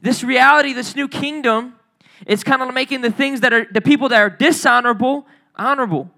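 A man with a high voice preaches in a loose, joking way to a youth group. His tone is bright and lively, and he calls out to listeners and has them repeat phrases back. It sounds like a casual church talk. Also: a little fast, gravelly. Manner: playful, joking with the audience by name; call-and-response prompts. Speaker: youth pastor. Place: church room.

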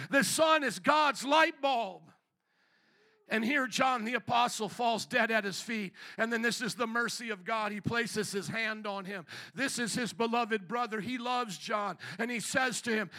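A man preaching a fiery sermon, often shouting with force and at times dropping to a hushed, tender tone. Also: very high voice. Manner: drops to a hushed tone for tender passages.

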